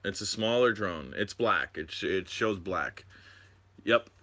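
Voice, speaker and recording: Animated man rambling on a live stream. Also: sits low, a little slow. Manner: excited, rambling, talks to viewers. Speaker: drone channel host. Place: home.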